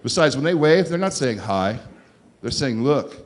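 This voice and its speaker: A man's voice: mid-range voice, normal speed, slight background noise. Sarcastic New stand-up man. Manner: sarcastic, deadpan asides with crowd work. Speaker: stand-up comedian. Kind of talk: stand-up comedy set. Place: comedy club stage.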